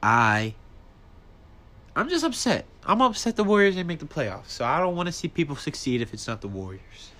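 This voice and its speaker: Solo podcast host, male, bright, forceful voice, casual and profane, ranting with big animated jumps in pitch. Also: fairly quick, few pauses.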